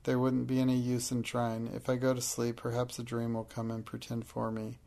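A man reading the part of a sad, dignified young girl in an audiobook, speaking softly and low. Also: completely flat delivery, normal speed, gravelly, lightly acted. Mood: quiet, sad. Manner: soft, low and quiet.

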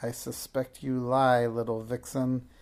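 A man's voice: mid-range voice, little pitch movement, measured pace, a little mellow, lightly acted. A man reading a storybook aloud and voicing a cruel, sneering old witch who shrieks and scolds. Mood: shrieking, sneering.

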